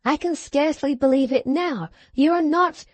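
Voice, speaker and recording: A woman's voice: high-pitched, moderate pace, no room sound, voice pushed up, lightly acted. A woman voicing a frightened young nobleman held in prison, who pleads in a distressed way. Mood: pleading.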